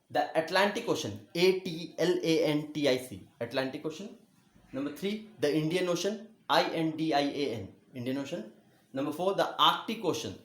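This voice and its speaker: A male school teacher giving a geography lesson, speaking slowly, repeating words and spelling them out letter by letter, with frequent checks of "okay?". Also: a little high. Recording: echoey room.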